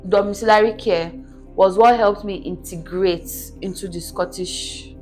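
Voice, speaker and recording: A woman telling her life story as a podcast guest in a relaxed chat, earnestly checking that her listener understands. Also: mid-range voice, unhurried, faint music behind. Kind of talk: casual interview storytelling.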